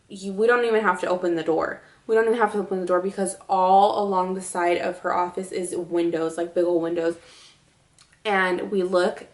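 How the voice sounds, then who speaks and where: A woman's voice: lowish voice, reverberant. A woman vlogger telling a story in a casual, rambling way, full of fillers.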